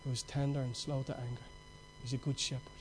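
A middle-aged man preaching a sermon with passion, telling stories and swinging between loud outbursts and hushed moments. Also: mid-range voice, wildly swooping pitch, quick pace, over music.

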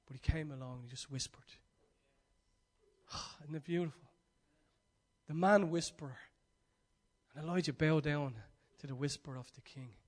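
A man preaching a sermon, swinging between loud urging and hushed, almost whispered passages. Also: a little high, moderate pace, pauses often.

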